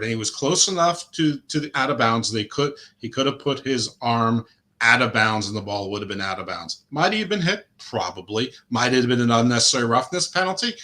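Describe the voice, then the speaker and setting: A middle-aged man co-hosts a sports podcast in a pushed, bright, mid-range voice. He talks casually and with opinions, rambling with fillers and restarts.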